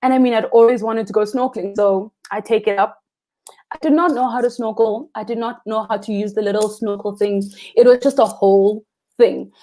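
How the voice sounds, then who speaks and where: A woman's voice: a little high, fairly quick, dark tone. A South African woman, a guest freediving instructor, telling a story animatedly, acting out quotes and laughing often. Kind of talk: casual interview storytelling.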